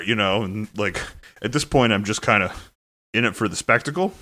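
A man's voice: mid-range voice, fairly quick, pushed and bright. A man co-hosting a podcast, telling a long casual story in a rambling, loose way, full of fillers. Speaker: podcast co-host.

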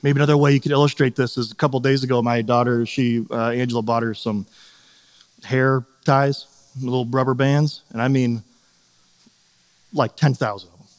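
A man's voice: medium pitch, steady tone, normal speed, long pauses. A man in his thirties preaching a sermon in a conversational way, often checking in with "right?" and acting out quotes. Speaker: pastor. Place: church sanctuary. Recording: long hall reverb.

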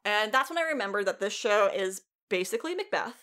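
A woman co-hosting a podcast, recapping a TV show in casual, animated chat, swearing freely and laughing often. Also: medium pitch, a little fast, noisy background. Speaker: podcast co-host.

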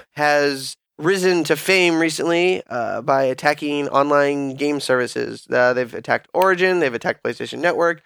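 A man's voice: on the high side, unhurried, creaky, clear, resonant tone, no room sound, studio quality. Joking, crude podcast host guy. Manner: crude, joking, animated storytelling. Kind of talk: casual podcast banter.

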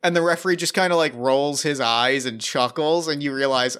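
A man narrating a tabletop game as its game master. His voice is bright and slightly raised. He talks in a loose, rambling way, stacking up fillers and restarts as he goes. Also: fairly high pitch, fairly quick, smooth.

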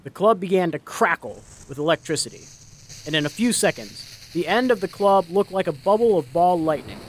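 A man reading a dark fantasy story aloud in a dramatic, expressive storytelling voice. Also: sits high, normal speed, slight background noise. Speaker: narrator. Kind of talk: storybook narration.

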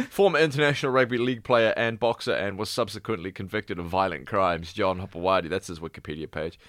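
A man co-hosting a podcast, bantering quickly and joking with some swearing. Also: lowish voice, a bit bright, no echo, studio quality. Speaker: podcast co-host. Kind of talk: casual chat.

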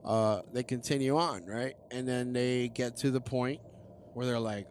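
A man's voice: medium pitch, unhurried, a little mellow, slight background noise. A man casually and profanely recapping a film, rambling and acting out the characters' lines. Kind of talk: casual movie-recap chat.

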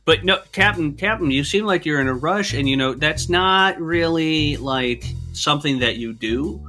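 A man voicing an eager young male city watch recruit who pleads in a raised, hurried voice, in a tabletop game. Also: a little high, lively intonation, pushed and bright, soft background music, voice pushed up. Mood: pleading.

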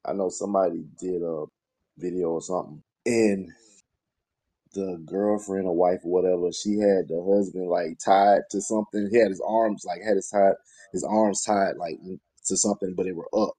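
A man with a Southern US accent, co-hosting a podcast, telling crude stories in a low-key, mumbled way. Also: steady tone, moderate pace, mellow, slightly rough. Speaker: podcast co-host. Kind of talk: casual storytelling chat.

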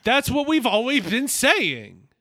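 A man co-hosting a podcast, chatting casually about a TV episode and agreeably adding quick asides. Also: extremely high pitch, big pitch swings, pushed and bright. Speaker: podcast co-host. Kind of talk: casual chat recapping a TV episode.

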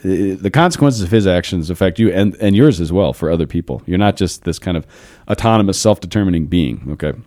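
A man in his thirties hosting a podcast, discussing philosophy in a casual, animated way and telling stories. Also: low-pitched, fast, few pauses. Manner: storytelling, animated, laughs often. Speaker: podcast host.

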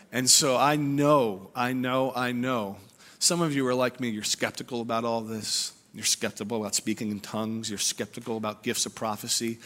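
A man's voice: mid-range voice, a bit bright. A man in his forties, a pastor giving a sermon in an earnest, conversational storytelling way with frequent restarts. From Pennsylvania. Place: church service.

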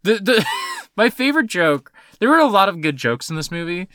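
A man co-hosting a podcast talks casually about films with lots of swinging, lively pitch. His voice is bright and forceful, a little higher than most men's. He swears freely, laughs often and fills his talk with likes and ums. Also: normal speed, no echo, studio quality. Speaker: podcast co-host. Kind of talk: casual film discussion.

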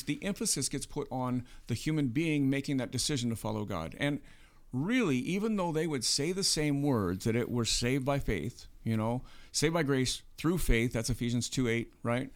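A man co-hosting a podcast, talking through faith in a casual, earnest way and often checking in with "right?". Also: mid-range voice. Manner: earnest, explaining with frequent "right?". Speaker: podcast co-host.

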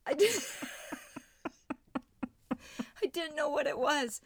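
A middle-aged woman co-hosting a podcast, telling a funny story in an animated way and laughing often. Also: high voice, very slow, gravelly, slight background noise. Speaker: podcast co-host. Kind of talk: casual storytelling chat.

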